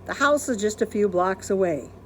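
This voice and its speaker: An earnest, wide-eyed young housekeeper speaks politely in a storybook, as a woman reads her. Her pitch swings up and down with plenty of life, and she sounds sincere and a little puzzled. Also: lively intonation, normal speed, a little hiss or hum, lightly acted. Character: literal-minded cheerful young housekeeper woman.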